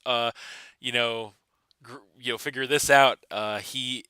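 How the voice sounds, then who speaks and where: A man's voice: medium pitch, steady tone, measured pace, sharp tone, smooth, dry recording. A man hosting a podcast, chatting casually with lots of fillers and restarts. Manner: rambling, many fillers and restarts. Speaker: podcast host.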